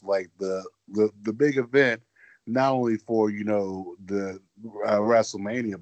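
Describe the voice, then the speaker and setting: Rambling low-voiced podcast host. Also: male voice, no echo, dull audio. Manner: rambling, many restarts and fillers. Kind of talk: casual podcast chat.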